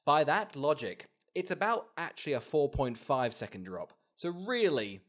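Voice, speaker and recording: A young man chats casually on a film podcast in a slightly high voice. He recaps scenes in a dry, deadpan, sarcastic way. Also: normal speed. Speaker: podcast co-host. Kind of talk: casual film-review chat.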